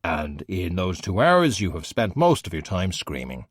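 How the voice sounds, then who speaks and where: A man doing a deadpan, wry skeleton detective. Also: low voice, a little slow, dry recording, clean studio sound, heavily acted. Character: dry, sardonic male skeleton detective.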